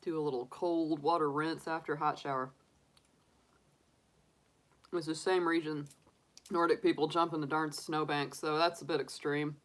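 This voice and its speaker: A woman's voice: deep voice, fairly even intonation, moderate pace, pauses often. A woman in her forties, a tarot reader chatting casually on a live stream and laughing often. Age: 40s.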